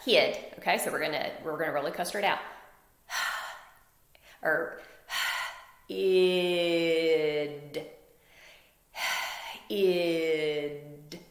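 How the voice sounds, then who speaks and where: A woman teaching a phonics lesson to young children, slowly sounding out word parts and praising answers. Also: deep voice, bright, forceful tone, echoey room.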